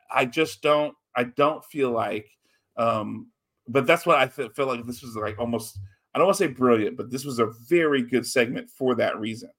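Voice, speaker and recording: A man co-hosting a casual wrestling podcast, talking in a rambling, animated way with lots of restarts. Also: medium pitch. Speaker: podcast co-host.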